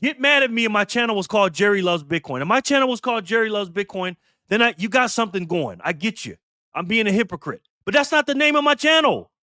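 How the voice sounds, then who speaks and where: Fiery, forceful man in his fifties. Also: high-pitched, animated, fast, dry recording, studio quality. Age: 50s. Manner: heated, profane and emphatic, ranting. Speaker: channel host. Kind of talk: impassioned monologue to camera.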